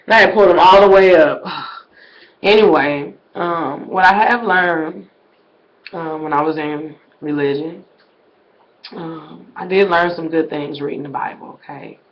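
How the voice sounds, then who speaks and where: A woman talks straight to her viewers in a loose, casual vlog. Her delivery swings widely, sinking to near-whispered asides and then leaping up into loud, shouted exclamations. She keeps calling out to her audience as "y'all". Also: low voice, a little slow, muffled recording, slight background noise. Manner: conversational, addresses viewers as "y'all". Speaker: vlogger.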